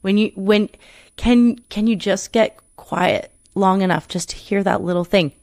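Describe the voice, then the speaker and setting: A performer and coach appears as a podcast guest, her mid-range voice a little slow and a little mellow, recorded in studio quality with no echo. Earnest and reflective, she rambles a bit, often restarting her sentences and leaning on "you know".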